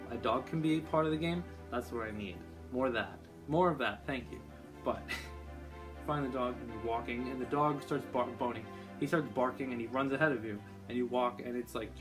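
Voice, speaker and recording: Male vlogger, mid-pitched, excitable and rambly, music bed underneath. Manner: excitable, gushing, rambling with many fillers. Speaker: YouTuber. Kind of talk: casual gaming vlog.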